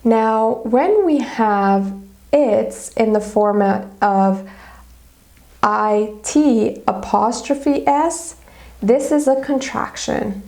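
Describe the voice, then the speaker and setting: A woman's voice: fairly high pitch, extremely slow, mellow. A woman teacher giving a grammar lesson video, explaining methodically step by step with examples.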